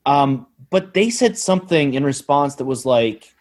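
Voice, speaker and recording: A man's voice: mid-range voice, expressive, a little slow, darkish tone. A man co-hosting a podcast, telling a rambling story in casual chat. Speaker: podcast co-host.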